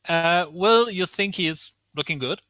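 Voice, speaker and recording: A man running a tabletop game as game master, narrating haltingly with many ums and pauses. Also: high voice, pushed and bright, dry recording.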